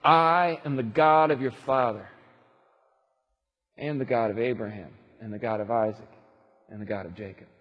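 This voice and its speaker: A man voicing God, hushed and solemn. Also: mid-range voice, steady tone, normal speed, long pauses, lo-fi sound, voice pushed down, natural voice. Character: God, a calm, commanding divine male voice. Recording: long hall reverb.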